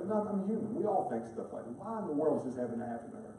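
A man's voice: a little high, animated, very fast, gravelly, hardly any pauses, mellow. A man preaching a sermon as a pastor, telling a story with passion and building to emphatic peaks in a large chapel. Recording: echoey chapel, voice from far off.

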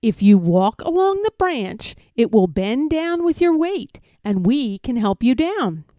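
A woman's voice: on the high side, big pitch swings, a little slow, dark tone, dry recording, studio quality. A woman reading Elmer, playful patchwork elephant. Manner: friendly storybook read-aloud voice.

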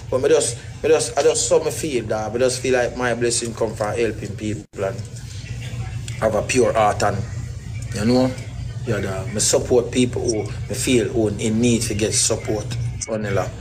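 A man's voice: medium pitch, a little mellow, a little hiss or hum, low-quality recording. A middle-aged man, guest in a casual interview, talking in rambling, emphatic patois.

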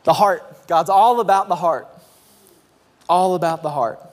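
A man in his thirties preaching in a church, telling a story with deep emotion and shouting out his kids' voices. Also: unhurried. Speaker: pastor. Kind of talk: sermon. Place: church sanctuary. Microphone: handheld mic. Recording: long hall reverb in a church.

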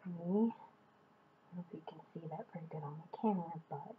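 A woman's voice: mid-range voice, moderate pace, pauses often. Gushing woman with a tinny, phone-like sound. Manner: gushing, excitable. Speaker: vlogger. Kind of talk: unboxing vlog.

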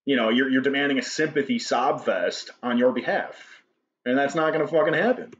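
A man's voice: mid-range voice, brisk, a little hiss or hum. A man hosting a response video, talking in a sarcastic, dismissive way and swearing now and then. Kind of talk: casual commentary on a clip. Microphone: cheap microphone. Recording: lo-fi microphone.

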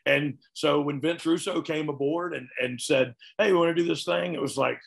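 A man's voice: fairly high pitch, fairly even intonation, normal speed, gravelly, hardly any pauses. A man, talking candidly and earnestly as an interview guest. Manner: earnest, folksy, frequent "you know what I mean". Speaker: guest, retired wrestler.

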